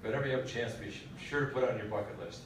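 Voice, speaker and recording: A man's voice: mid-range voice, very fast, noisy background. A man speaking at a military education session, telling a long joke in a folksy way and quizzing the audience. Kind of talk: storytelling lecture. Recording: echoey hall from far off.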